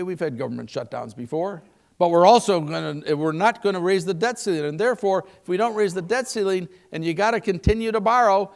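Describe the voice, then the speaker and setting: An older man gives a live keynote on the economy in a high-pitched, smooth voice. He keeps it folksy with jokes and anecdotes, asking the audience questions.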